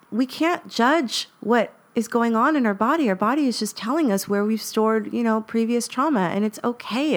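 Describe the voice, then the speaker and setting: Earnest woman sharing a personal story. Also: mid-range voice. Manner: earnest, lots of fillers, rising emphasis. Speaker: podcast host and coach. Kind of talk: reflective personal podcast talk.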